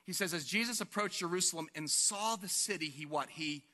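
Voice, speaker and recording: A male pastor preaching an animated sermon to his congregation, asking them questions and acting out the scene. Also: sits high, fairly quick, big-room sound. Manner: animated, asks the congregation questions and acts out quotes. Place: church sanctuary.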